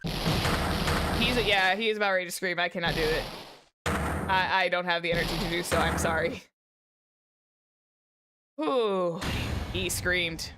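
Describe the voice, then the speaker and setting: A woman's voice: on the low side, measured pace, pauses often, very noisy. A woman streaming a visual novel game, chatting between lines and laughing at her own attempts at voices. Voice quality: playful, laughs at herself, chatty asides. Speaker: VTuber streamer. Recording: streamed with loud game music behind.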